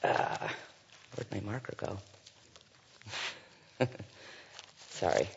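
A man's voice: fairly low pitch, very animated, extremely slow, creaky, slight background noise. A man leading a Bible study, reading scripture aloud and commenting with frequent fillers and asides. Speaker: Bible teacher. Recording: dull sound with long hall reverb.

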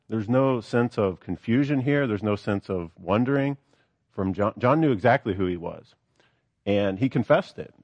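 A man's voice: lowish voice, a little mellow, dry recording. A man preaching a sermon, reading scripture aloud and then explaining it with earnest, rising emphasis.

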